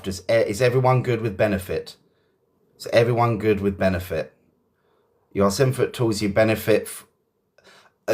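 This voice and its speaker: A man from England with a British accent, teaching an English vocabulary lesson on a live stream, chatty and encouraging as he greets viewers by name. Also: medium pitch. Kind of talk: live online lesson, reading viewer comments.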